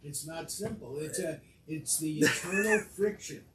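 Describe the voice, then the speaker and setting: A man's voice: a little high, unhurried, crowd noise. Distant man interjecting in a class. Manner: interjects, argues back eagerly. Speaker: class participant. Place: synagogue class room. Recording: roomy, distant from the mic.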